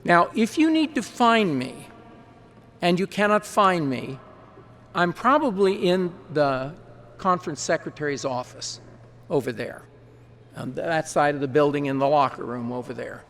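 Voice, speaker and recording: A man who serves as parliamentarian, briefing a large assembly on procedure in a folksy, quick way with chatty asides. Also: fairly high pitch, lively intonation, fairly bright tone, a little hiss or hum. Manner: folksy, quick-talking, explains rules with asides. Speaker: parliamentarian advising delegates. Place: large conference hall.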